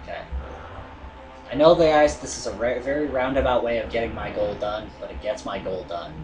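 A man's voice: medium pitch, normal speed. A man hosting a let's play, commenting casually and rambling with fillers. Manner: chatty, rambling, hesitant with many fillers. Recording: echoey room with game music.

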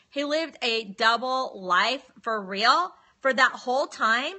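A woman's voice: sits high, normal speed, few pauses, pushed and bright. A woman, telling her life story casually on a phone livestream and addressing viewers as y'all.

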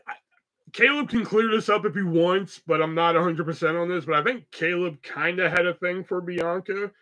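Young man, podcast host, fairly high voice, casual rambling storytelling, lots of swearing. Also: bright, forceful tone. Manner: loose, profane, rambling with fillers and laughs.

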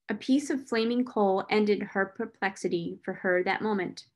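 A woman reading a classic novel aloud in a clear, expressive storytelling manner. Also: mid-range voice, normal speed. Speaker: reader.

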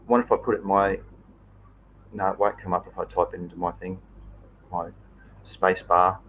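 A man's voice: low-pitched, flat delivery, normal speed, fairly bright tone, slight background noise, low-quality recording. Easygoing Australian man chatting live. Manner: chatty, easygoing, loose and rambling. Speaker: livestream host. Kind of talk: casual live chat.

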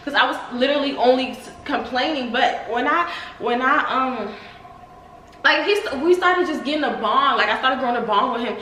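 A young woman chatting casually to her viewers in a home vlog, excitable and talkative, often saying y'all. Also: high-pitched, moderate pace, echoey room, a little hiss or hum, rough recording. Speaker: vlogger.

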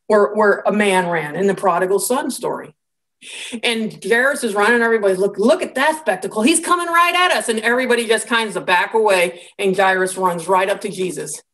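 A middle-aged woman giving a recorded Bible study lecture, telling the story in an animated way, acting out quotes and often restarting her sentences. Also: medium pitch.

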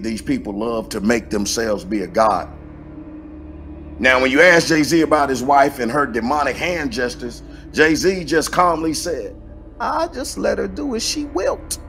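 A man hosting a podcast, giving animated conspiracy commentary in a colloquial, emphatic way and answering his own questions with exclamations. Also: medium pitch. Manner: colloquial, emphatic, talks back to himself with exclamations. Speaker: podcast host.

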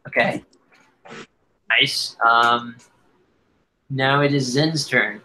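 A man narrating as dungeon master, talking slowly with many fillers. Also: mid-range voice, fairly even intonation, sharp tone, low-quality recording. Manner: slow, halting narration with fillers. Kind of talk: narrating a tabletop game. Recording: faint background noise.

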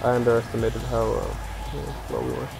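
A man's voice: mid-range voice, monotone, brisk, creaky, over music. A young man chatting casually and joking crudely while playing a game with a friend. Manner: joking, crude, laughs often. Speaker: gamer. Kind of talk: casual chat over gameplay. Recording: game gunfire and engine noise behind.

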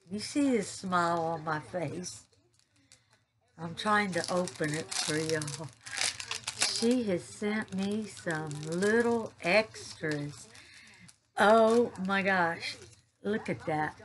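A woman's voice: mid-range voice, fairly bright tone. A woman, gushing as she unboxes and shows off craft pieces in a casual vlog. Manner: gushing, drawn-out, repeats herself. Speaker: crafting YouTuber.

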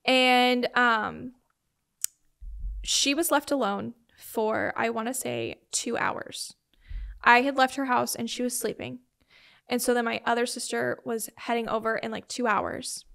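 A woman's voice: on the high side, measured pace, vocal fry, fairly bright tone. Young woman telling a personal story, chatty. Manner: conversational, many "like" and "um" fillers, quotes family members in retelling. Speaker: interview guest. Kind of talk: personal storytelling in a sit-down interview.

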